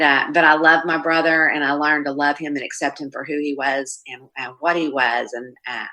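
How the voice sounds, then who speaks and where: A middle-aged woman with a low voice tells her recovery story plainly and openly, stopping often to restart a thought. She has a bright, forceful edge and sounds like she is speaking into a video call. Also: poor audio. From Oklahoma, US. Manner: candid, plainspoken, many ums and restarts. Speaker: Al-Anon speaker. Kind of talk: personal recovery talk at a meeting.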